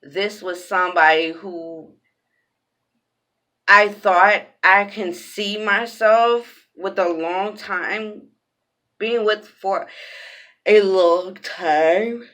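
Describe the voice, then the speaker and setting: Slow, forceful woman cursing bluntly. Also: mid-range voice. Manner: blunt, heavy cursing, repeats phrases; raw and emphatic retelling. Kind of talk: casual storytime vlog.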